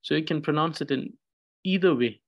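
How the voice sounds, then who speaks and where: A man's voice: fairly high pitch, lo-fi sound. A man teaching Tibetan pronunciation, patiently repeating syllables one at a time. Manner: slow and patient, repeats each syllable many times. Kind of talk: pronunciation lesson, reading syllables aloud.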